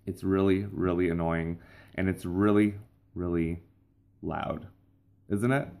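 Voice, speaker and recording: A man's voice: low voice, fairly even intonation, slow, creaky, darkish tone. A young adult man hosting his own vlog, telling rambling, playful stories in a casual monologue. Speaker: vlog host.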